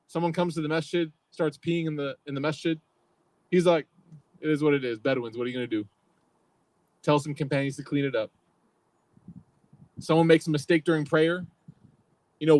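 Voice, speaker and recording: A man's voice: fairly high pitch, low-quality recording. A young man giving a casual religious talk, telling stories conversationally and acting out the quotes. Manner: conversational storytelling, acts out quotes. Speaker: youth program speaker.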